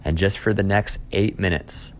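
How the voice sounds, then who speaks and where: A guest author is interviewed about Christian faith, answering with earnest emphasis and paraphrases of scripture. His low voice keeps a fairly even intonation at a moderate pace, over slight background noise.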